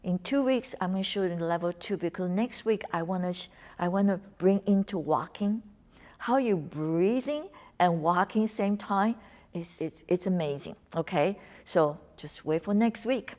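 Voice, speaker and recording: A woman's voice: lowish voice, animated, moderate pace. Woman coaching a breathing lesson. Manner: coaching, encouraging, slips into soft whispers on cues. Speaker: wellness instructor.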